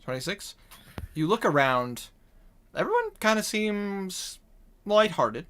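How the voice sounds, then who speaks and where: A man's voice: high voice, very animated, slow, fairly bright tone. A man running a tabletop game as game master, laughing often and rambling through apologies.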